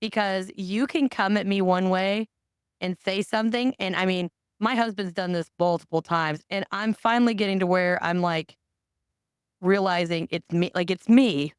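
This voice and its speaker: A woman's voice: medium pitch, steady tone, normal speed, clear, resonant tone, no echo, clean studio sound. A woman hosting a podcast, chatting casually in a blunt, candid way and swearing freely. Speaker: podcast host. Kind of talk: casual chat.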